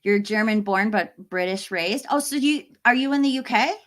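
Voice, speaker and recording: A woman's voice: mid-range voice, moderate pace. A woman hosting a casual livestream, chatting with viewers and reading their comments, friendly and full of fillers and small laughs. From United States. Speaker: livestream host.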